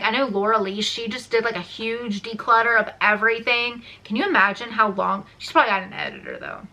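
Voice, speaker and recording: Bright-voiced chatty young woman vlogger. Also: mid-range voice, rough recording. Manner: rambling, animated, swears casually. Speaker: beauty vlogger. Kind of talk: casual chatty makeup review.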